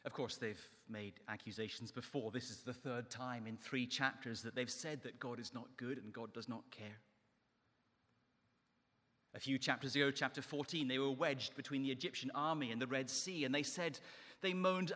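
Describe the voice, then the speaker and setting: A man's voice: mid-range voice, normal speed, sharp tone, long reverb tail. A man preaching a sermon in an emphatic delivery that rises and falls. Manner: emphatic, rising and falling delivery.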